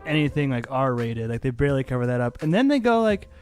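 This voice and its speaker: A man's voice: mid-range voice, sing-song, fast, darkish tone, clear, resonant tone, faint music behind. A man co-hosting a movie review podcast, talking casually and enthusiastically with lots of filler words. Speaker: podcast co-host.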